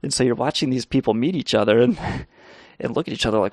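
A man with a gravelly, creaky voice tells a loose, swearing-laced story on his live stream. His sound is close and dry. He chuckles as he rambles and reads the chat aloud. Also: medium pitch, fast talker, dry recording. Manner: rambling, profane, laughing. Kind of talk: casual storytelling and reading chat.

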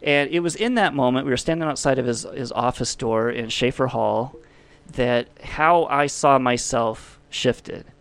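A man's voice: mid-range voice, a little slow, fairly bright tone, smooth. A man hosting a podcast, talking in a rambling way that swings between jokey bits and heartfelt reflection. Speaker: podcast host. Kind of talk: casual podcast monologue.

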